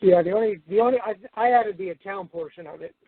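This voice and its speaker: A man calling in to a radio show, reading out a letter and answering in a hesitant, halting way. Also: high voice, creaky, no echo. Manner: hesitant, halting, with many fillers. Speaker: caller. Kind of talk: phone call to radio show. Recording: dry, tinny phone line.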